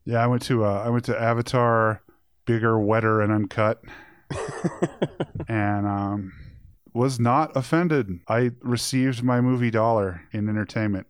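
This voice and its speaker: A man's voice: medium pitch, measured pace, smooth, dry recording, studio quality. A man co-hosting a podcast, joking wryly through a casual movie review. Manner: joking, wry, chuckling asides. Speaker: podcast co-host.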